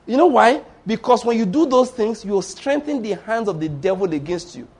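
A man's voice: high-pitched, animated, moderate pace, a little mellow, breathy edge. A man preaching a sermon, exhorting his congregation emphatically and mixing in playful story asides. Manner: emphatic, exhorting with tag words like "oh".

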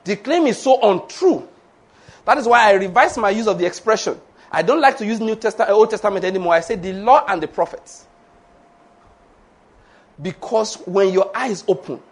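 A man preaching a sermon, animated and humorous, laughing often and acting out the voices he quotes. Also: high voice, normal speed.

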